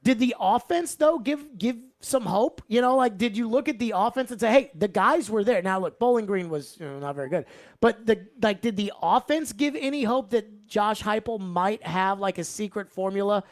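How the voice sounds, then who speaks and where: Male sports radio host, lively and punchy, mid-range voice. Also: high voice. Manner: energetic, shifts from loud openings to quick asides.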